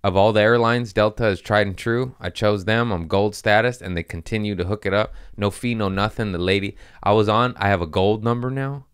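Low-voiced profane man telling stories. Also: a little fast, few pauses, clean tone, no room sound, clean studio sound. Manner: profane, animated, laughs at own jokes. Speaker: podcast host. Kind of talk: casual storytelling monologue.

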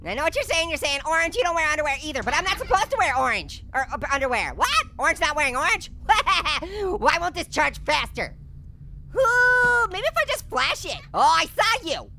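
Squeaky, sharp cartoon orange, very high and bouncy, a punning let's-play host who yelps at scares. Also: male voice, very animated, moderate pace, creaky, full character voice. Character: hyper, wisecracking male talking orange. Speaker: gaming host. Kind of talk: comedic let's-play commentary.

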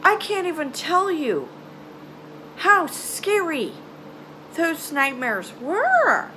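Young female vlogger, storytime confessional, slow and halting, lively high voice, light background noise. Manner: halting, emotional, trails off into sighs and nervous laughs.

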